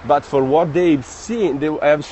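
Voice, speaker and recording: Italian guy live streaming on his phone while walking around town, friendly and chatty, kinda halting english, a bit of faint street noise. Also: fairly high pitch, warm tone. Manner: friendly, chatty, halting non-native phrasing. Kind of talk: casual live-stream chat, reading viewer comments. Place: outdoors on city streets, walking.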